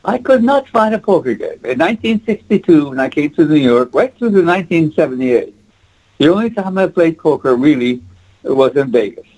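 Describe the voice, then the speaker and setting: Quick and animated, this Quebec man in his eighties, a native French speaker, rambles and chuckles while reminiscing in casual interview storytelling. His fairly high voice is a little mellow and a little fast, and the audio quality is poor.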